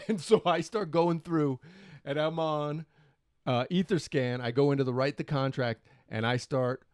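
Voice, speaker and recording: A middle-aged man hosting his own show, excitedly retelling a story with many quoted exclamations. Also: on the high side, unhurried, smooth, dry recording, clean studio sound. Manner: animated, breathless retelling full of quoted exclamations. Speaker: show host.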